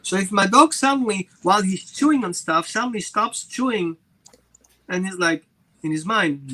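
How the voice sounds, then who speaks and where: A man's voice: high voice, animated, moderate pace, sharp tone, low-quality recording. A man, a dog trainer, explaining over a video call and acting out little scenes between dogs and people. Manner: voices the dog and people in quoted asides. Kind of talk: animated explaining with acted examples.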